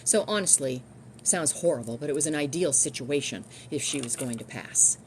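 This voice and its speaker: Chatty low-voiced woman streaming live. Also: moderate pace, slight background noise. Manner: chatty, rambling, frequent restarts and fillers. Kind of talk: casual live-stream chat. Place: home.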